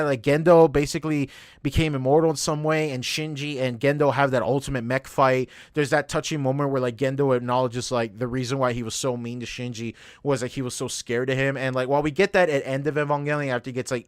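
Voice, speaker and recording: Rambling, excitable man on a podcast. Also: clear, resonant tone, no echo, studio quality. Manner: rambling, profane, lots of "like" fillers; excitable, voice jumps high when reenacting reactions. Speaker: podcast co-host. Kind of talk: casual podcast chat.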